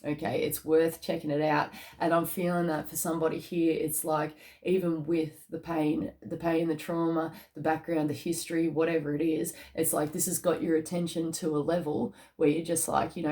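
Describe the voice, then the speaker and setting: Woman, card reader, fairly low voice, chatty and emotional, keeps checking in with her listeners. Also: warm tone. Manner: chatty, tags lines with "okay?" and "all right?"; emotional, easily moved. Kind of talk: casual spiritual card reading to camera.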